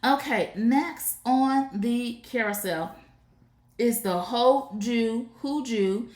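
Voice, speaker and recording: A woman hosting a live shopping stream, talking to her viewers in a chatty, animated way. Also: fairly high pitch, slow. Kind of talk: casual live stream product chat. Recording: roomy echo.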